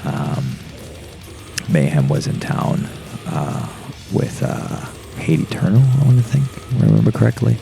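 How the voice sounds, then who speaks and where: A man's voice: extremely low pitch, very animated, unhurried, creaky, over music. A man, a podcast guest, telling a rambling, profane story in casual chat and laughing as he goes.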